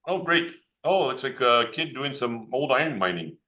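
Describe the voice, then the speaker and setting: A man's voice: mid-range voice, expressive, normal speed, pushed and bright. A man, a geologist, giving a joking, informal live demonstration of an electron microscope over a video call and chatting with a child. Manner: playful, joking, talks to a child.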